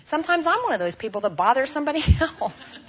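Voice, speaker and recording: A woman teaching a women's group in a lively way, often asking the audience questions and having them fill in words. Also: high voice, fast talker, a little hiss or hum. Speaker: Bible teacher at a women's gathering. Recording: dull lo-fi recording.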